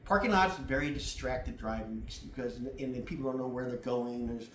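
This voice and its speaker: A man's voice: mid-range voice, a little fast, a bit bright, far from the mic, a little hiss or hum. Blunt, profane man in echoey room. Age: middle-aged. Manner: blunt and profane, acts out other drivers. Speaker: driving advice presenter. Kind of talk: casual demonstration.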